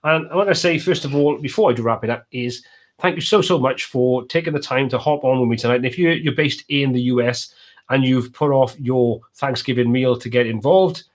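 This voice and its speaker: A Welsh man hosts a live stream from home, chatting casually. He reads out and answers viewers' comments in an easygoing, conversational way. His voice sits at an ordinary middle pitch for a man. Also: brisk.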